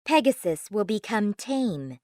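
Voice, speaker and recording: A woman voicing a calm, stately goddess who gently explains a magic gift in a storybook. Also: mid-range voice, unhurried, dry recording, studio quality. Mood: gentle.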